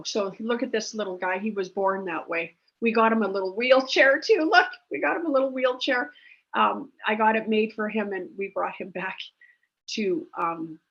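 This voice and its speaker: Over a dull, lo-fi recording, a woman with a slightly high, somewhat bright voice tells a meandering tale of dog rescues. She's a guest who founded a rescue, and she keeps it casual and chatty, full of filler words.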